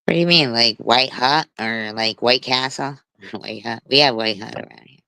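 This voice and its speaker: A woman's voice: extremely low pitch, normal speed, gravelly, pushed and bright, clean tone, no echo. A woman in her forties telling stories on a casual livestream, blunt and swearing freely. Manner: blunt, heavy swearing, storytelling. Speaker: livestream host.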